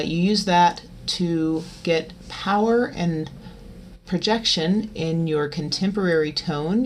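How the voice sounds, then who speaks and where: A woman giving a vocal lesson, explaining in a relaxed, chatty way and breaking into loud twangy sung demonstrations. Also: low voice, a little hiss or hum. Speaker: voice teacher.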